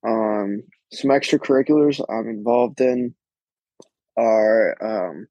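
Slow, halting young man from Chicago. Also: on the low side, dark tone, dry recording, dull audio. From Chicago, Illinois. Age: young adult. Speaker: student guest.

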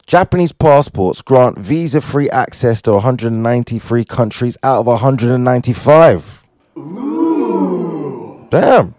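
A man casually reading out fun facts, joking and riffing on them in quick asides. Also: medium pitch, no room sound. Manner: animated, jokey, asides to himself. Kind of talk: casual fun-fact commentary.

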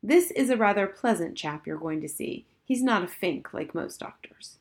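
A woman's voice: medium pitch, animated, moderate pace, darkish tone, close to an everyday voice. A woman reading aloud and voicing an awkward, reassuring father in a storybook.

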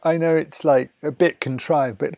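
A man teaching a relaxation lesson, talking slowly and soothingly, sometimes dropping to soft murmurs between louder asides. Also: a little high, fairly even intonation, dry recording. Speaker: wellness teacher. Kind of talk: guided talk on breathing and relaxation.

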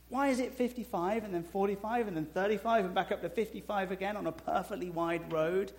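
Man preaching a conversational sermon. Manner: conversational preaching with dry humor; swings between soft, slow emphasis and loud, high asides. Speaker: pastor.

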